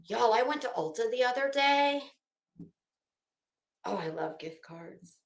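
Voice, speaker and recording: Woman host, high lively voice, profane rambling gossip chat, hot and sweaty, echoey room at home. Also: a little slow. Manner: rambling, profane, self-mocking storytelling. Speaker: host of a fashion gossip commentary show. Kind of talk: casual chatty commentary.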